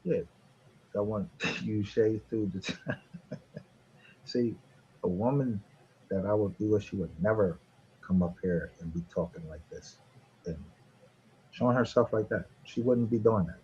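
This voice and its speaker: A man's voice: lowish voice, unhurried, long pauses, a little mellow, lo-fi sound, a little hiss or hum. A man hosting a livestream, arguing heatedly, swearing and mocking with bursts of laughter.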